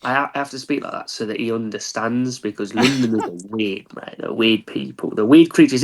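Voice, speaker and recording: Gravelly-voiced man bantering as a guest. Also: mid-range voice, brisk, hardly any pauses. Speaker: podcast guest. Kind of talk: casual chat.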